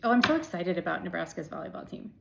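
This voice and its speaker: A woman's voice: lowish voice, big pitch swings, quick pace, gravelly, background noise. A woman giving a casual, chatty tarot reading to her viewers, affirming and blunt, with an occasional swear. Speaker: tarot reader.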